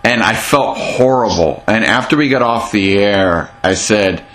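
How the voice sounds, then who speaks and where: A male podcast host with a fairly low voice talks earnestly with a guest. His speech is casual and unscripted, with the odd repeated word as he works through a thought. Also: a little slow, fairly bright tone. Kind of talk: casual interview chat.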